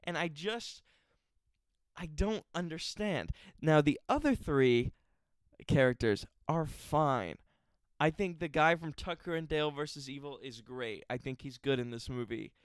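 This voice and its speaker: Male vlogger, casual film reviewer, clear smooth tone, dry room. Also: fairly high pitch, no room sound. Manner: chatty, laughing, exaggerated asides. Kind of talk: casual movie review vlog.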